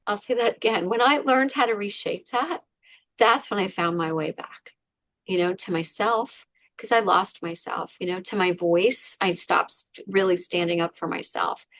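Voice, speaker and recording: A woman's voice: fairly low pitch, steady tone, normal speed, a bit bright, no echo. A woman, a podcast guest, candidly retelling a painful personal story with many fillers. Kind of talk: emotional personal story in an interview.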